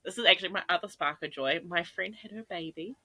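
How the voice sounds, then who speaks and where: A young woman co-hosting a podcast, telling stories in casual chat and acting out her own quotes with big swings in pitch. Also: fast, pushed and bright, no room sound. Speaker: podcast co-host.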